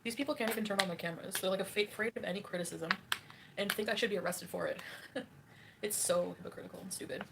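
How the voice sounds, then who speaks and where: A woman's voice: mid-range voice, fast talker, gravelly, background noise. A woman livestreaming, reading chat and ranting in a catty, mocking way with frequent laughs.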